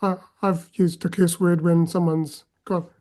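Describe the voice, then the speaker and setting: A woman interviewing on a podcast, reflective, with soft hesitations. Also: on the low side, little pitch movement, unhurried. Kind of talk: casual podcast chat.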